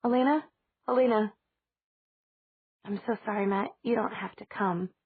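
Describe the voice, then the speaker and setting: Teasing young heroine, smug and breathy, read by a woman, over a dry, tinny line. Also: mid-range voice, moderate pace, no room sound, voice pushed up, lightly acted. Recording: dry, tinny phone-like audio.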